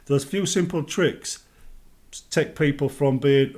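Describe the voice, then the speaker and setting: A man's voice: on the high side, takes it slowly, darkish tone. A British man giving casual advice on a gaming vlog, chatty and acting out everyday greetings. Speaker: gaming vlogger.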